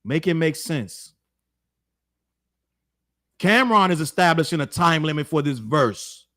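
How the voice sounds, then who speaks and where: A man's voice: on the high side, expressive, unhurried, a bit bright. Blunt, heated man giving his hot take. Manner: blunt, heated, slangy, repeats points for emphasis. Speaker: show host. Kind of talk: opinionated commentary to camera.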